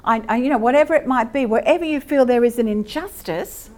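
A middle-aged Australian woman giving a lively, conversational church teaching and asking her listeners questions. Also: fairly high pitch, brisk, a little hiss or hum. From Queensland, Australia. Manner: lively, asks the audience questions.

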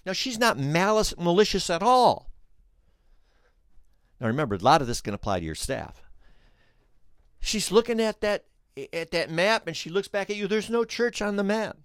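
A man hosting a podcast, telling a story in an animated way, restarting phrases and speaking straight to the listeners. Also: fairly high pitch, dry recording, clean studio sound. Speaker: podcast host. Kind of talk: storytelling commentary.

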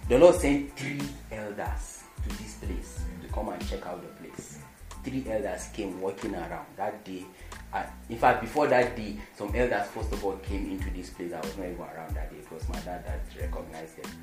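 A man preaching a sermon. He talks emphatically, repeats his points and swings between loud declarations and quiet lines. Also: sits low, normal speed. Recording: echoey room with music behind.

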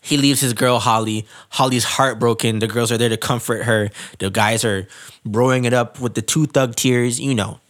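A man's voice: medium pitch, steady tone, moderate pace, fairly bright tone. A man co-hosting a casual chat who animatedly retells a reality show, laughing through his lines and stretching out his disbelief. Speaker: podcast co-host.

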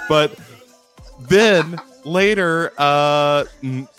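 A man co-hosting a podcast, talking over a film in halting, casual speech with sudden rises when making a point. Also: a little high, lively intonation, a bit bright, soft background music. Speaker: podcast co-host. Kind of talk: casual movie review chat.

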